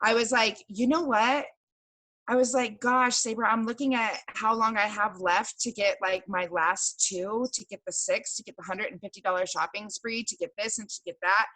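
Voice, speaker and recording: A young woman excitedly telling a sales story, acting out both sides of her conversations in casual chat. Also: medium pitch, normal speed, poor audio. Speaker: guest sharing sales story. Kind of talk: casual storytelling to a team call.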